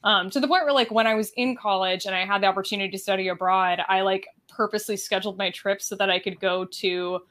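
A woman's voice: medium pitch, steady tone, fast talker, hardly any pauses, a bit bright. Young woman, podcast guest, casual chat, chatty, filler-heavy, mid-range voice. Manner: chatty, filler-heavy with frequent likes and ums.

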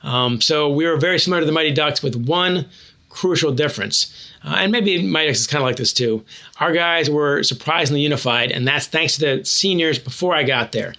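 Bright-voiced storytelling man. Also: a little high, fairly quick. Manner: animated, self-deprecating anecdotes. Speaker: author and former hockey coach. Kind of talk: storytelling interview answer.

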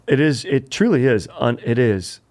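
A man hosting a comedy podcast, telling a history story in an animated, joking way full of puns. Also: mid-range voice, moderate pace, dry recording. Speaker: podcast host.

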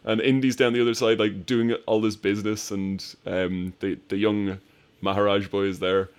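Male co-host, lower-pitched voice, lively storyteller in a casual film chat. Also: normal speed, smooth. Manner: animated storyteller, acts out film scenes with laughter.

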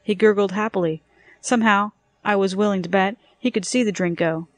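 A woman narrating a first-person story in a brisk, wry storytelling manner. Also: medium pitch, steady tone. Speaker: audiobook narrator.

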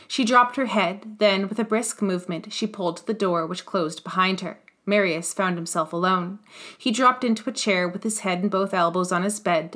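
A woman hosting a storytelling podcast, calmly reading chapters of a classic novel aloud. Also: medium pitch.

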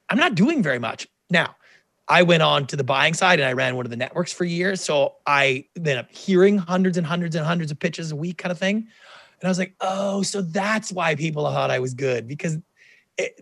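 A middle-aged man, a television producer guest in an interview, telling stories in a lively way and acting out the quoted dialogue. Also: a little high, no echo. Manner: animated, acts out quoted dialogue. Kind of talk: casual interview storytelling.

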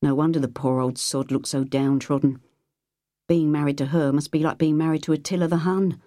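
Here a low-pitched woman reads an audiobook, keeping her storytelling steady and measured. It's a clean studio recording without echo.

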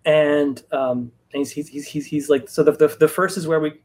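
A man's voice: on the high side, fairly even intonation, moderate pace, few pauses, darkish tone. A man, a comic book writer, telling a long anecdote in a casual chat, with lots of restarts and fillers. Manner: rambling, many restarts and fillers. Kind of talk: casual storytelling on a live stream.

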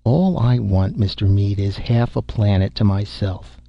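A man reading the part of an aging, fearful man who speaks softly and pleadingly, in a dull recording. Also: fairly low pitch, expressive, measured pace, vocal fry, no echo, heavily acted. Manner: soft, pleading. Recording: dull muffled audio.

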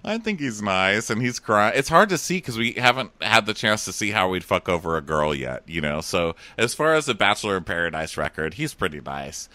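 Bright, animated man recapping TV. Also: on the low side, a little fast, few pauses, dry recording. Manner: animated, does voices, laughs often. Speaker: podcast co-host. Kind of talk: casual chat, recapping a reality show.

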